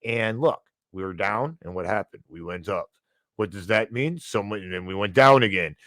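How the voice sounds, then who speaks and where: A man's voice: fairly low pitch, normal speed, fairly bright tone, no echo. A man hosting a finance show, ranting heatedly with frequent restarts and apologies. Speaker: podcast host.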